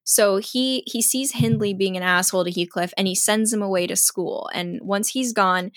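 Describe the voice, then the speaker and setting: A woman's voice: mid-range voice, normal speed, fairly bright tone, no room sound, studio quality. A woman casually recapping a novel chapter by chapter, chatty and full of "like", lightly voicing the characters' lines. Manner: chatty retelling, voices quotes lightly, frequent "like". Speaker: podcast co-host recapping a novel. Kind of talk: casual chat.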